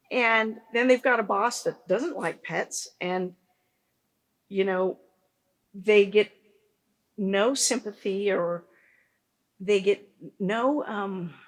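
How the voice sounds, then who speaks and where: A woman's voice: mid-range voice, fairly bright tone. A woman, founder of a pet business, telling stories earnestly in a conversational interview, with frequent restarts.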